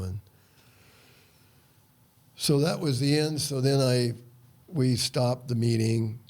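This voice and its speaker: A man's voice: mid-range voice, slow, long pauses, a little mellow. An older man, a guest on a talk show, earnestly tells a story of ministry and acts out his prayers as dialogue. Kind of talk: storytelling testimony in conversation.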